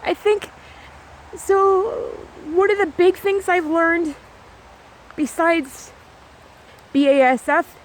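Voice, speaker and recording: A woman vlogging outdoors on a trail, talking in a rambling, repetitive, fast way while she walks. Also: extremely high pitch, a little hiss or hum. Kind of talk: rambling walk-and-talk vlog.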